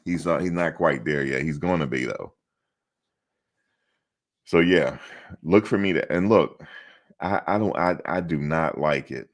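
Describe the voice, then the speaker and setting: A man hosting casual sports talk, rambling and animated, often quoting others in his own voice. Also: very deep voice. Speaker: sports commentary host.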